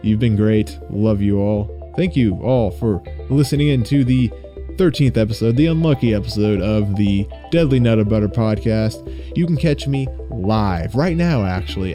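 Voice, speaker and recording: A man's voice: on the low side, expressive, moderate pace, dark tone, soft background music. A young man hosting a casual solo gaming podcast, rambling, swearing freely and getting worked up as he vents. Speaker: podcast host and streamer.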